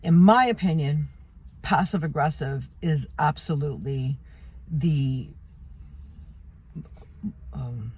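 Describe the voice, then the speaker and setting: A woman's voice: low-pitched, mellow, husky. A middle-aged woman giving an unscripted talk on communication, conversational and emphatic, with fillers and restarts. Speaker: self-development speaker.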